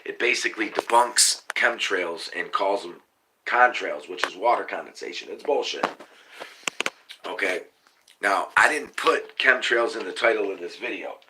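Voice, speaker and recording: A man, hosting a live stream and ranting excitably about conspiracies, cursing often and calling to viewers as y'all. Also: on the low side. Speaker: livestream host. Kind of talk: casual live-stream rant. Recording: noisy live-stream audio.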